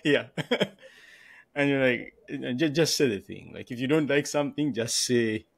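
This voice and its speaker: A man's voice: medium pitch, normal speed, gravelly, breathy edge, no echo. A man talking casually as a podcast guest, laughing often and repeating words while he thinks. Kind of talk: casual conversation.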